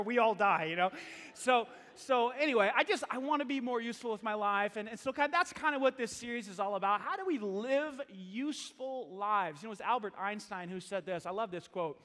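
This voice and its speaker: A man's voice: very high-pitched, animated, a little fast, fairly bright tone. A male pastor preaching a sermon, telling self-deprecating stories in a chatty way with laughs. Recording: hall reverb.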